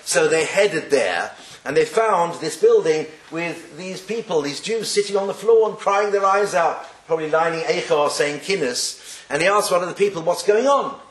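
A man's voice: on the high side, lively intonation, moderate pace, hardly any pauses. A man teaching a class on Jewish texts, joking and putting rhetorical questions to his students. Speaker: Torah teacher. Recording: echoey room.

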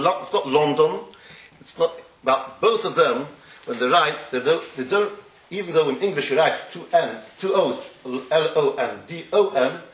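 Rabbi type, male, slightly high voice, rambling explanatory lecture, echoey room. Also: a bit bright. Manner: digressive, explanatory, sprinkled with Yiddish and Hebrew terms. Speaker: rabbi teaching a class. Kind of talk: Torah lecture.

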